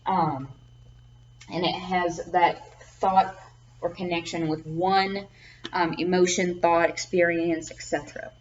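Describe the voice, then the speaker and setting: A woman's voice: lowish voice, level tone, slow pace. A woman teaching a class lecture. She often says um, repeats words and checks in with "okay?". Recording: dull lo-fi recording with faint background noise.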